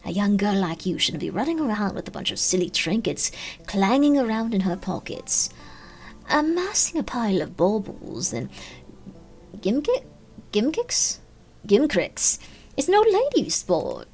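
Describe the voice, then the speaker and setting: A woman voices an ancient, decaying old shopkeeper, putting on a British accent. She speaks low and half-whispered, with a gravelly edge.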